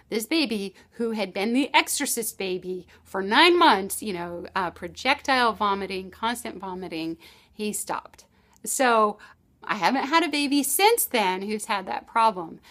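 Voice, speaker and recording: A woman's voice: medium pitch, fairly bright tone. A middle-aged woman giving casual parenting advice, telling a personal story in a chatty way with frequent restarts. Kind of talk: casual advice talk to camera.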